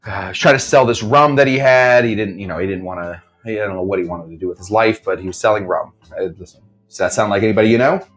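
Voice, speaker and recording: A man's voice: fairly low pitch, fast talker, fairly bright tone, soft background music. A man teaching a live online cocktail class. He tells bar history in a rambling, jokey way and slips into mock voices for quotes. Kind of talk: casual live-stream storytelling lesson.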